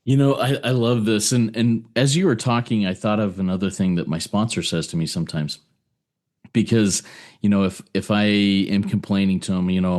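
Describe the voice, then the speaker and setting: A man's voice: lowish voice, moderate pace, a little mellow. A man co-hosting a recovery podcast, talking reflectively and often repeating words while he searches for what to say. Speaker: podcast co-host. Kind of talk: casual recovery podcast talk.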